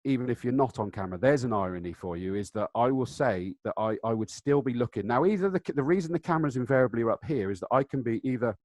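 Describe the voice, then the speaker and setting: A man gives a live training webinar from his desk over a video call, at a middling pitch. He talks in an animated, demonstrative way, dropping in self-deprecating asides. The sound is dry, with no room echo. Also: fast, hardly any pauses. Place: seated at a desk, indoors. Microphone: video call setup.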